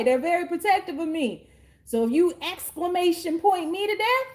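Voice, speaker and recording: A woman tarot card reader in a casual reading monologue, talking bluntly, sassily and with plenty of profanity in slangy, drawn-out street talk. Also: sits high, darkish tone.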